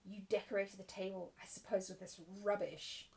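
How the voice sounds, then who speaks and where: A woman's voice: mid-range voice, level tone, moderate pace, dark tone, close to an everyday voice. A woman reading a storybook aloud, voicing a stern, furious headmistress in a harsh, withering tone, a little distant from the mic. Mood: scolding.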